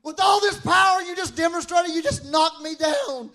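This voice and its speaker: A man preaching acts out a bewildered, indignant man struck down by a blinding light, shouting his questions in disbelief. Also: very high-pitched, moderate pace, pitched above the performer's own voice, exaggerated voice. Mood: incredulous, indignant. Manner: shouting, incredulous.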